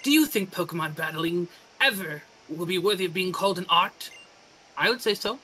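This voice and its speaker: A let's-play gamer voicing a posh, refined trainer who speaks like an artistic chef, slow and affected. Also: medium pitch, sharp tone, slight background noise, natural voice, low-quality recording. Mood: haughty.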